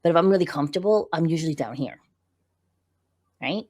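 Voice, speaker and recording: Woman, middle-aged, low pitch, animated explainer, conversational podcast guest. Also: brisk. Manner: animated and explanatory, frequent "right?" check-ins. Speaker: podcast guest, visibility coach. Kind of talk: conversational interview.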